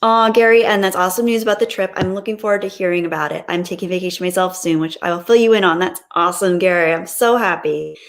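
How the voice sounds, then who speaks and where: A woman's voice: on the low side, steady tone, fast, few pauses. Bubbly woman thanking viewers. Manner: bubbly, gushing thanks, giggly. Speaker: live streamer reading super chats. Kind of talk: casual live-stream chat.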